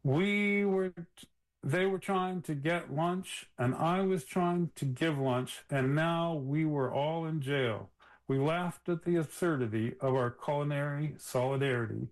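A man reading aloud from his own memoir as a radio guest, in a measured storytelling delivery. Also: on the high side, low-quality recording. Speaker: author reading from his book.

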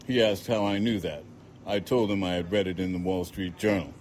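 A man narrates a novel in the first person, his voice sitting low and steady. His delivery is measured and dry, letting ironic lines land without extra push. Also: slight background noise. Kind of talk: audiobook narration.

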